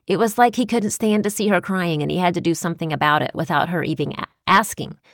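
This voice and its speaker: A woman's voice: lowish voice, quick pace, no room sound. Earnest woman podcast co-host, dry sound. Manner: earnest, reflective, cites scripture. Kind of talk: Christian podcast talk.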